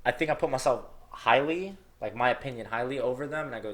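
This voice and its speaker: A man's voice: medium pitch, quick pace, fairly bright tone. A young man co-hosting a podcast in casual chat, rambling with lots of fillers and restarts, laughing easily. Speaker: podcast co-host.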